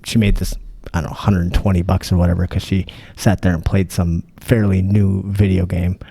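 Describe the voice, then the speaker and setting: Low gravelly guy rambling on his podcast, swears a lot, husky, dry close sound. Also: little pitch movement, fairly quick, warm tone, dry recording. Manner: rambling, profane, many restarts. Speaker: podcast host. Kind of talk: casual chat.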